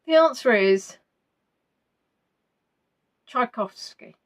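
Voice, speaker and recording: Woman, quiz host, playful and chatty, slightly high voice. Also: expressive, drawn-out words. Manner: chatty and playful, repeats answers aloud, muses between questions. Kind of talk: live-stream quiz, reading out viewers' answers.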